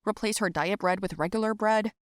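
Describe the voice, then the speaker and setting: A woman's voice: medium pitch, a little fast, dry recording, studio quality, close to an everyday voice. A woman doing a bossy young male friend. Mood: instructive. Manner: firm, instructive.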